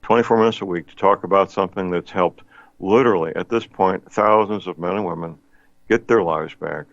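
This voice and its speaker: A man's voice: low-pitched, fairly quick, no room sound. An older man hosting a radio talk show, chatting in a folksy, rambling way with many fillers. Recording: dull lo-fi radio sound.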